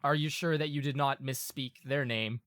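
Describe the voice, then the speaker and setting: A man voicing a tall clockwork golem who speaks slowly, formally and politely in a tabletop game. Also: medium pitch, fairly even intonation, a bit bright, no echo, clean studio sound, lightly acted. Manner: slow, measured and courteous.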